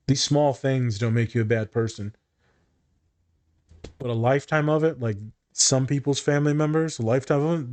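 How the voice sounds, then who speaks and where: A man, a therapist, chatting casually on a podcast, telling client stories with lots of swearing and acted-out quotes. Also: mid-range voice. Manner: profane, animated storytelling with acted-out quotes.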